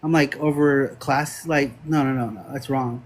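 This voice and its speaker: A man, a guest in a casual spiritual conversation, who tells animated stories full of "like" and slang. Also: mid-range voice, normal speed. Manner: animated storytelling with lots of "like" and laughs.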